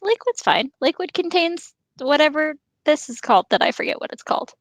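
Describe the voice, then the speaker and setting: A woman's voice: high-pitched, lively intonation, brisk, dry recording. A woman podcast co-host in casual chat, joking and poking fun at herself. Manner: joking, self-deprecating.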